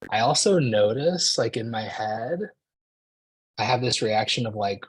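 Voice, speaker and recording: Man, forties, low husky voice, dry sound, casual storytelling, chatty asides. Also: lively intonation, measured pace, no echo, low-quality recording. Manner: casual, conversational, frequent "like" and "right?". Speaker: speaker. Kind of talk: storytelling talk to an audience.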